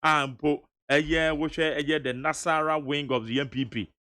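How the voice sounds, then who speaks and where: A man with a Ghanaian accent hosting a radio talk show, lively and mixing Twi with English. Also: on the high side, moderate pace. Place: radio studio.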